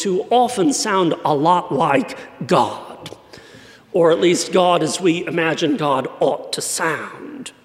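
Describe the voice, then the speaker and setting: A man from San Antonio preaching a sermon in a wry, conversational way. His light voice is often mistaken for British. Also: high-pitched. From San Antonio, Texas. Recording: long church reverb.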